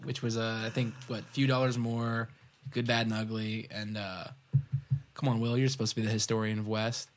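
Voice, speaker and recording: A man's voice: on the low side, level tone, normal speed. A man co-hosting a podcast, rambling casually and hesitating with many filler sounds. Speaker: podcast co-host. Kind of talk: casual chat.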